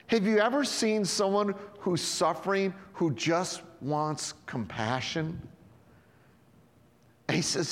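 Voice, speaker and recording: A man preaches in an easy, talking way and slips into voices for the people in the story. His voice sits a little high for a man. A long reverb from a large hall trails behind each phrase. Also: slow pace. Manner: conversational preaching that acts out the Bible scenes in quoted voices. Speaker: pastor. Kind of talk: sermon.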